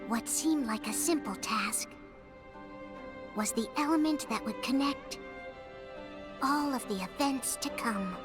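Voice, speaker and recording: A gentle storybook narrator in a video game, telling an old fairy tale calmly. Her voice sits high and unhurried, and orchestral game music plays clearly beneath her. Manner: calm storytelling. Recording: narration over game score.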